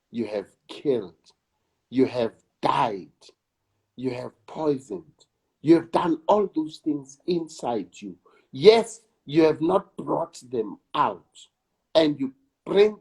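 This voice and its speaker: A South African man, an actor and director, talking in an interview in a slow, emphatic way and repeating words for weight. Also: on the high side, a little mellow, slightly rough. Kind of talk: reflective conversation.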